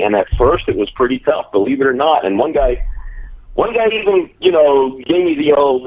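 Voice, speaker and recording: A man's voice: medium pitch, expressive, a little fast, phone-quality sound. A man with a New Jersey accent, guesting on a show and telling rambling, profane stories. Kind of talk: casual chat.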